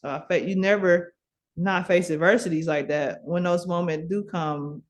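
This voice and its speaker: A woman's voice: fairly low pitch, steady tone, normal speed. A middle-aged woman from Milwaukee, a podcast guest, telling her story in casual chat. She talks with lots of fillers and restarts and laughs often.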